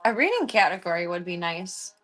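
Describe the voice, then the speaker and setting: A woman's voice: on the low side, sing-song, a little fast, fairly bright tone. A young woman streamer chatting casually at home, rambling and cooing baby talk at her cats. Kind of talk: casual chat while streaming.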